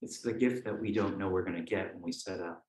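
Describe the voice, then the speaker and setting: A man interviewing an author in a measured, unhurried way. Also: low voice, darkish tone. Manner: measured, reads passages aloud. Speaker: interviewer, writer. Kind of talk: conversational interview. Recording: echoey room, distant mic.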